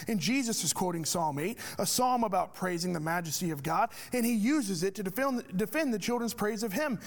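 A man preaching a sermon as a pastor, asking rhetorical questions with emphatic delivery. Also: high voice.

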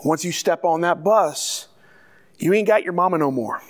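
A man's voice: sits high, normal speed. A man putting on the voice of a stern, demanding male football coach who asks firm, repeated questions. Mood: commanding.

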